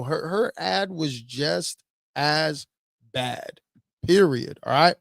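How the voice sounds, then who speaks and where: A man's voice: a little high, slow pace, vocal fry, no echo, studio quality. A man, a pastor, giving blunt, preachy commentary on videos.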